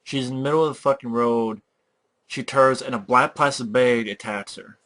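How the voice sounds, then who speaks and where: A man's voice: medium pitch, normal speed, fairly bright tone. A young man ranting about a movie, exasperated and mocking, with heavy swearing. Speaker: movie reviewer. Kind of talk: profane movie rant.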